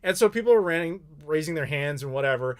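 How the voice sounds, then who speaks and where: An American man from Chicago hosting a casual live chat, telling rambling, animated stories with laughs and the odd swear. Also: a little high, brisk. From Chicago, United States. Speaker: YouTube host answering live questions.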